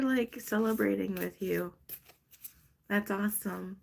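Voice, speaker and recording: A woman's voice: fairly low pitch, unhurried. A woman hosting a casual live stream, chatty and gushing as she pulls cards for a viewer. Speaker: live stream host doing card readings.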